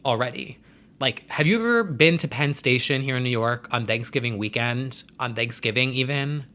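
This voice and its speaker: A man's voice: medium pitch, normal speed, bright, forceful tone, slight background noise. A young man hosting his own vlog, talking in a rambling, chatty way with sassy slang. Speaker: vlogger host. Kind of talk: casual chat to camera.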